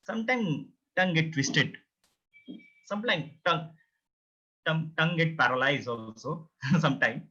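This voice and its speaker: A man's voice: fairly high pitch, lively intonation, moderate pace, pauses often, bright, forceful tone. A man teaching a beginner language lesson, patiently repeating each word many times and explaining pronunciation step by step. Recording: dull lo-fi recording.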